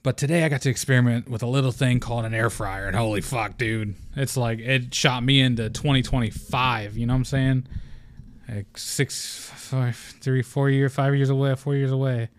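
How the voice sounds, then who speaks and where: A young man hosts his own podcast with a scatterbrained, excitable energy, rambling and swearing freely. His voice sits at an ordinary middle pitch. The sound is dry and close to the mic. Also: fairly quick, few pauses, no room sound. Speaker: podcast host. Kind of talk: casual solo podcast chat.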